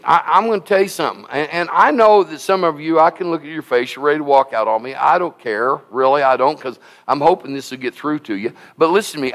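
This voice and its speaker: A man's voice: a little high, a bit bright. A man in his seventies preaching a sermon, emphatic and exhorting, often repeating "listen to me" and reading scripture aloud. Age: 70s. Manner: reads scripture aloud in King James phrasing. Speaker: pastor.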